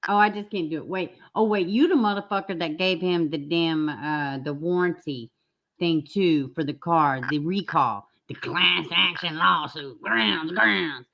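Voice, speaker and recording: A woman's voice: fairly low pitch, measured pace, creaky, lo-fi sound. A woman hosting a reaction commentary channel, blunt and indignant, swearing freely as she reacts to clips.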